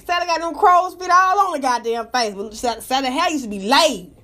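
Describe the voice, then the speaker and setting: A woman with a fairly high voice hosts her own live talk show. She chats loosely and animatedly, spilling gossip with plenty of profanity. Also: expressive, brisk, a bit bright. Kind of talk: casual chat.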